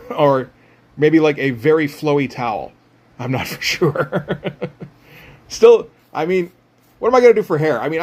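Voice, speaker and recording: A man talking casually about his comic art as he draws, rambling and self-mocking with frequent chuckles. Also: on the high side. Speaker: comic artist. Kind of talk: casual drawing commentary.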